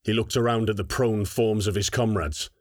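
A man narrating an audiobook in a steady, even storytelling manner on a close mic. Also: on the low side, moderate pace, no room sound.

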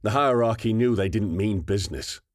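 A man voicing an eager young male soldier who talks with energetic, rapid conviction. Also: on the low side, dry recording, studio quality, lightly acted. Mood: fired up.

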